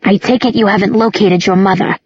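A woman reading an audiobook, voicing a large, theatrical older witch with an exclamatory, teasing manner and a husky tone. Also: mid-range voice, fairly even intonation, brisk, a little mellow, dry recording, muffled recording, natural voice. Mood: probing.

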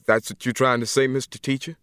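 A man's voice: mid-range voice, flat delivery, quick pace, fairly bright tone, clear, resonant tone, no room sound, clean studio sound, close to an everyday voice. A man voicing a sullen, bitter young male prisoner who taunts in clipped rural dialect, in an audiobook reading.

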